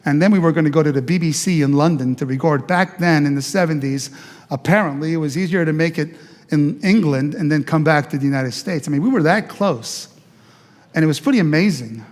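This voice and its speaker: An older man, a pastor, tells the story of his life in an animated way, with restarts and acted-out quotes. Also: on the high side, brisk, in a large hall. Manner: animated, acts out quoted voices, many restarts. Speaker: pastor giving his testimony. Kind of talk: personal testimony storytelling. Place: church.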